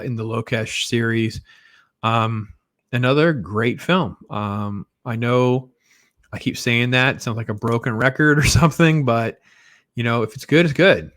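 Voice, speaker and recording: A man talks through a film review in a loose, excited way, tripping over restarts and fillers as he goes. His voice sits in an ordinary middle pitch. The sound is dry, with no room echo. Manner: enthusiastic, rambling, many fillers and restarts. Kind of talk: casual spoken movie review.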